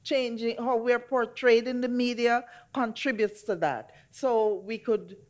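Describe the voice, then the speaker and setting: A woman's voice: a little high, fairly even intonation, measured pace, a little mellow. Earnest woman panelist. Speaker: panelist, disability advocate. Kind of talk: panel discussion. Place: festival screening venue.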